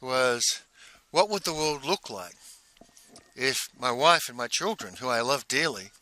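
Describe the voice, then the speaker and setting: A man telling a personal story in a casual, halting way, full of restarts and repeated words. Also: mid-range voice, expressive, sharp tone. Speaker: speaker recounting a personal exercise.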